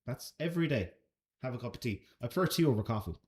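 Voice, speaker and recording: A man's voice: mid-range voice, animated, quick pace, a little mellow. An Irish man answering chat questions on a casual live stream, laid-back and chatty, swearing now and then. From Ireland.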